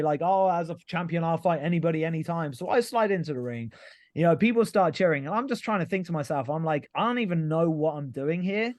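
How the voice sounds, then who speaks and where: A man's voice: fairly high pitch, a little mellow, dry recording. A man guest on a podcast, telling a long story in a rambling, casual way, with lots of filler words and casual swearing. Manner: rambling, frequent "like" and "you know", swears casually. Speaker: podcast guest, pro wrestler.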